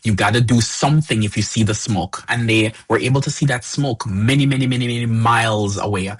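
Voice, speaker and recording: A man's voice: medium pitch, a little fast, slight background noise. A man co-hosting a casual tech podcast discussion, rambling with frequent restarts and fillers. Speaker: co-host.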